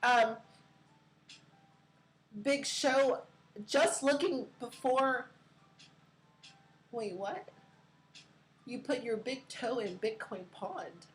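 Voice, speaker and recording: A woman's voice: a little high, drawn-out words, long pauses, faint music behind, rough recording. A woman hosting a casual crypto livestream, chatty and giggly, rambling with lots of fillers. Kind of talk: casual chat.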